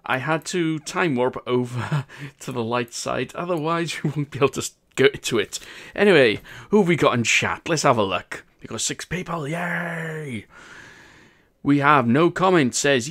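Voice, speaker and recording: A man's voice: mid-range voice, lively intonation, a little slow, a bit bright. A man with a Welsh accent hosting a game live stream in casual, upbeat chat and laughing often.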